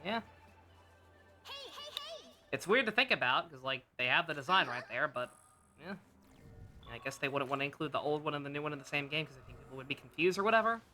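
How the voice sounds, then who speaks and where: A woman streaming a game and chatting casually, sarcastic and quick to swear, with excitable outbursts. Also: deep voice, soft background music. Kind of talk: casual chat over gameplay.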